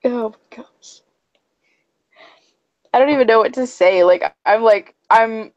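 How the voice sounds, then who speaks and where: A woman's voice: a little high, unhurried, long pauses, a little mellow. A young woman co-hosting a casual livestream chat, giddy and overwhelmed, laughing and choked up near tears. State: teary, choked up. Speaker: co-host.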